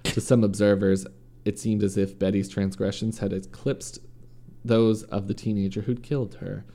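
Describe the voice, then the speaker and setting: Casually reading a true-crime story aloud as a podcast host, a man speaks at normal speed with a fairly low, warm voice and flat delivery. He stumbles and corrects himself from time to time.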